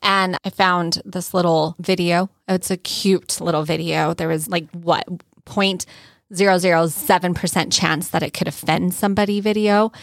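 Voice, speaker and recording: A woman's voice: lowish voice, fairly even intonation, moderate pace, no echo, studio quality. A woman co-hosting a casual podcast, playful and teasing as she jokes with her friend. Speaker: podcast co-host.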